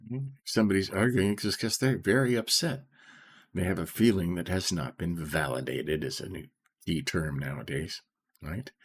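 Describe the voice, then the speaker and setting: A middle-aged man reading scripture and explaining it in an informal, soft-spoken way, often checking in with "okay?" and slowing down on key phrases. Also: deep voice, breathy edge. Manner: slows right down to stress key phrases. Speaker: Bible study teacher.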